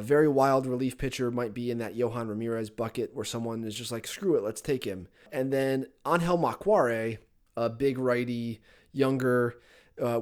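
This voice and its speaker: A man's voice: mid-range voice, darkish tone. A man giving a casual, filler-heavy rundown as a baseball prospect analyst on a podcast, often restarting his sentences. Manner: rapid rundown with frequent fillers and self-corrections.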